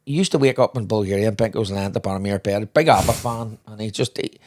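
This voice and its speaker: A man's voice: lowish voice, quick pace, a little mellow. An older man, co-hosting a podcast and telling rambling anecdotes with frequent laughter and restarts. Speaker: podcast co-host. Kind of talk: casual storytelling chat.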